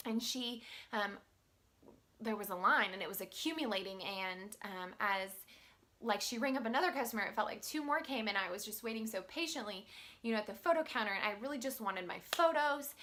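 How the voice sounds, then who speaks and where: A woman teacher telling a story to the camera in a chatty, animated way, full of filler words. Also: mid-range voice.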